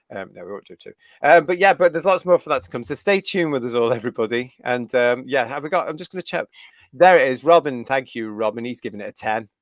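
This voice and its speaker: Male host from the UK, middle pitch, keen and chatty, laughs a lot, close dry mic. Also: expressive, fast, no echo. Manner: chatty and enthusiastic, laughing often. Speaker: host of a fan review livestream. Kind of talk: live stream chat, reading viewer comments.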